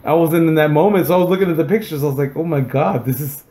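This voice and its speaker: A man's voice: fairly high pitch, quick pace, warm tone. A man chatting as a podcast guest, stumbling over repeated words and swearing often. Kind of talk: casual podcast chat.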